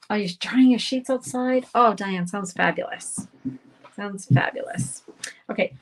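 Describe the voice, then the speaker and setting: A woman hosting a live card-making demonstration. She chats brightly with viewers and greets them by name while she works. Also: mid-range voice, slight background noise. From Canada. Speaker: craft instructor hosting a live stream.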